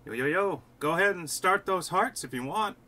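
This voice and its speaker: A young man hosts a sports livestream in a chatty, upbeat way, stopping and restarting his sentences as he talks. His voice is bright and forceful and sits a bit high for a man. It sounds like he is talking into a computer mic. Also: animated, normal speed. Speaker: host and site editor. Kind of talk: casual livestream sports talk.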